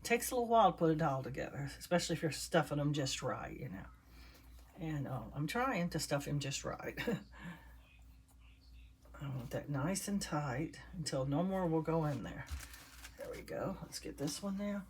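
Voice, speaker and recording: A woman's voice: low voice, lively intonation, normal speed, husky. An older woman chatting casually as she stuffs and assembles a handmade doll, talking to her viewers while she works. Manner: chatty, talks while working with her hands. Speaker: doll maker. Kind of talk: casual crafting vlog.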